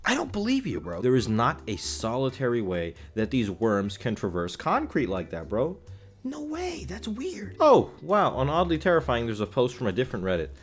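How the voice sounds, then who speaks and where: A young man giving casual, joking reaction commentary as a YouTuber, animated and full of swearing. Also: mid-range voice, normal speed.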